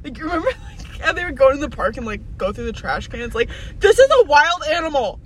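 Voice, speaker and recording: Young woman co-host, profane and ranting, car chat caught from a distance over loud traffic noise. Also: high-pitched, big pitch swings, fairly quick. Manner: loud, profane, exclaims and rants. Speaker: podcast co-host. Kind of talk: casual chat.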